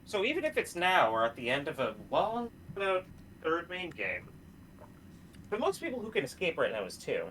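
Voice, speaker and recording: Wry woman with a very lively voice. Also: fairly low pitch, moderate pace, recorded from a distance, slight background noise. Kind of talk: casual chat.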